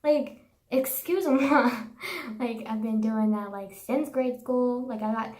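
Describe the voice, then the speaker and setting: A woman's voice: a little high, slow pace, a little mellow. Profane, ranting young woman in an echoey room. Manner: profane, sarcastic, says "like" constantly. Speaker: vlogger. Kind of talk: casual ranting monologue.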